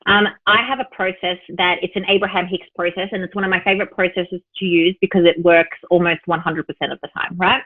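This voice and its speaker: A woman spiritual teacher, a podcast guest, telling an example story in a lively way and voicing her own thoughts. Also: on the low side, fast talker, hardly any pauses, no echo. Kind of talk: podcast interview. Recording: tinny phone-line sound, dry.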